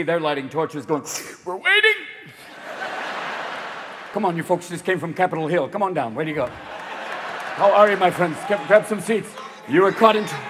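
A man doing a stand-up comedy routine on a club stage, talking fast and manic and jumping in and out of character voices. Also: on the high side, background noise. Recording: echoing venue, loud crowd laughter.

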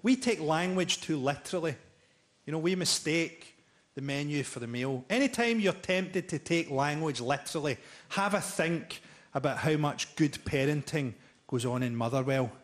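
High-voiced man doing deadpan stand-up. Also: normal speed. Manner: deadpan, profane, dark jokes. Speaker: stand-up comedian. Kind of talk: stand-up routine. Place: live comedy venue with audience laughter.

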